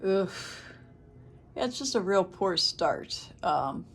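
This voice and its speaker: A woman's voice: lowish voice, animated, slow, soft background music. A woman in her thirties giving a casual, rambling tarot reading to camera, thinking aloud with many fillers. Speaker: tarot reader.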